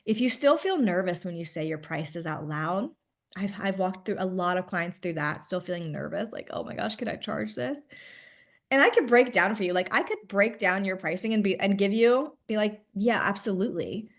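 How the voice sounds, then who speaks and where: A woman hosting a live online training for a small business audience. Her delivery is animated, with quick asides of "okay" and "right" and playful acted-out voices of clients. Her pitch sits in the middle.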